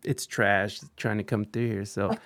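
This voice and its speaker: Gravelly-voiced man hosting a live stream. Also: on the low side, fairly even intonation, measured pace, fairly bright tone. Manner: rambling, restarts often, thanks viewers. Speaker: podcast host. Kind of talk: casual live-stream interview.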